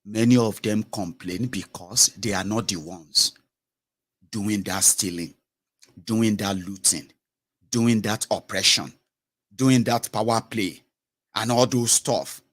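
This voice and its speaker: A man's voice: fairly low pitch, slow, pauses often, fairly bright tone. A man delivering a blunt political commentary monologue with many hesitations.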